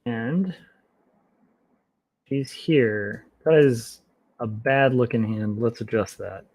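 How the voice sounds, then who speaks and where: A man streaming while he draws comics, chatting casually and thinking aloud in a relaxed, self-mocking way. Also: mid-range voice, slow pace. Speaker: comic artist streaming his work. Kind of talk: casual livestream commentary while drawing.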